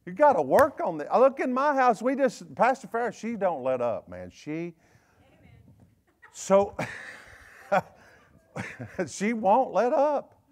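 A man with a Southern US accent, a bishop preaching a sermon in a folksy, joking way with quick asides. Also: sits high, big pitch swings. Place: church service.

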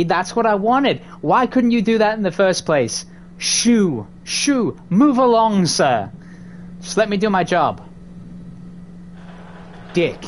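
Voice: medium pitch, slight background noise. A gamer giving let's-play commentary on a horror game, swearing, taunting and jittery, recorded on a desk microphone indoors.

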